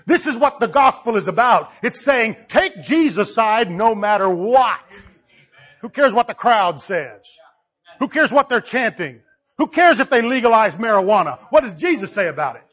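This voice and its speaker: A male pastor preaching a sermon, dropping low and quiet, then rising to loud, laughing shouts. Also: lively intonation, moderate pace, breathy edge, muffled recording.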